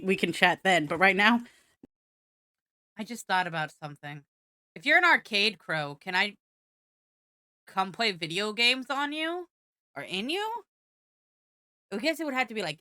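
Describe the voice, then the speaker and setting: A woman's voice: mid-range voice, sharp tone, no echo, clean studio sound. A young woman streaming live, chatting playfully and goofily to her viewers with sing-song repetition. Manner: chats directly to viewers in chat. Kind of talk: casual live-stream chat. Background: faint background music.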